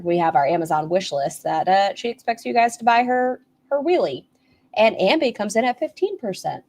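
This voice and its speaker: Low-voiced sarcastic woman streamer. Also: darkish tone, slightly rough. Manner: sarcastic, blunt remarks. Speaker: commentary streamer. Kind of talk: livestream commentary.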